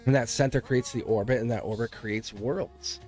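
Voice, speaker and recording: Give me a man at mid pitch doing a live tarot reading, chatty and rambling, cutting into his own sentences and chuckling as he goes. Soft music plays faintly behind him. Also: fairly even intonation, moderate pace. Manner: rambling, restarts sentences, laughs often. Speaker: live tarot reader and channel host.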